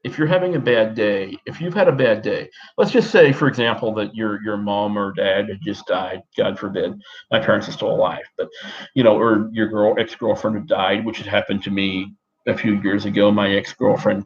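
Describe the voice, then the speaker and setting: A man's voice: fairly low pitch, highs cut off. Australian man in his thirties doing an American accent. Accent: put-on American accent. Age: 30s. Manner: halting, rambling, many restarts and fillers. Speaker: vlogger. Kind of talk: personal talk to camera.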